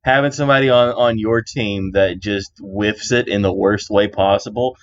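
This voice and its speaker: A man's voice: fairly low pitch, steady tone, moderate pace, a little hiss or hum. Man, podcast host, casual chat, rambling, jokey, dull lo-fi sound. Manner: rambling, jokey, acts out bits.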